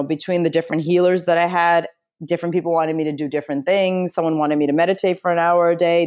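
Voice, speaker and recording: A woman telling a personal story as an interview guest, chatty and expressive, with frequent fillers and restarts. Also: low-pitched. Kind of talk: casual storytelling in a conversation.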